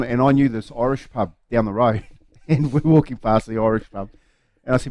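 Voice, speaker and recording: A man's voice: medium pitch, brisk, a little mellow, dry recording, studio quality. A man with a New Zealand accent co-hosting breakfast radio, telling a rambling story. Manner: rambling anecdotal, chatty. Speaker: radio co-host. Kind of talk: casual radio banter. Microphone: studio microphone.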